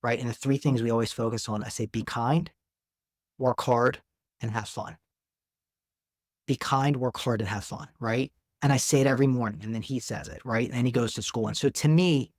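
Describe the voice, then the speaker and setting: A man's voice: medium pitch, dry recording, studio quality. A man in his thirties, a psychiatrist talking as a guest in an interview, earnest and conversational, tagging "man" and "right?" onto his points. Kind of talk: casual interview talk.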